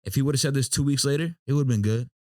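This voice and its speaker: A man's voice: mid-range voice, rapid-fire, darkish tone, no room sound, studio quality. A man co-hosting a podcast, talking in a loose, slangy, laid-back way full of asides. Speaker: podcast co-host. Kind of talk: casual chat.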